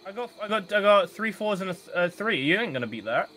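A man's voice: high-pitched, sing-song, fast, pushed and bright, slight background noise. A man teasing his friends in casual game chat and laughing a lot.

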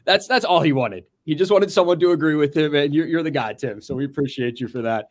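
A man's voice: on the high side, fast. A man co-hosting a sports podcast, teasing his partner and asking the guest a question, often stumbling over words. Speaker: podcast co-host. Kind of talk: casual interview.

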